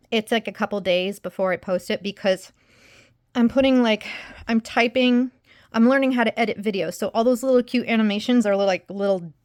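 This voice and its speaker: A young adult woman vlogging casually to her viewers, rambling and emotional as she drifts between topics. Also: mid-range voice. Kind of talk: casual chat to camera.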